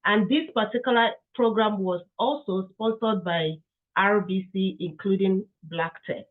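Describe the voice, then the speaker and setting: A woman who founded a tech community gives a workshop talk while under the weather, inviting and warm, with frequent fillers. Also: mid-range voice, a little slow. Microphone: video call. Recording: tinny phone-like call audio.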